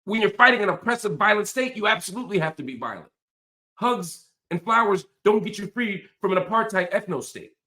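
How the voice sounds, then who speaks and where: A man's voice: sits high, animated, fairly quick, sharp tone. A man hosting a political commentary monologue, talking in emphatic, impassioned punches. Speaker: host.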